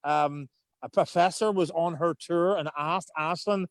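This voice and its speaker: A Belfast man, a tour guide, telling stories on a video call with deadpan, sarcastic humour. His voice sits high for a man, and the sound is dry and close. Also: measured pace, no room sound. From Northern Ireland. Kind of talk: anecdotal storytelling on a video call.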